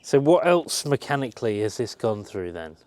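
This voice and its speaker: A man hosting a relaxed interview in a mid-range voice, chipping in with short prompts and questions. His voice sounds dry and close, with no room echo. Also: mid-range voice, normal speed. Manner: brief encouraging prompts and questions. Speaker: interviewer host. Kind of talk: casual interview.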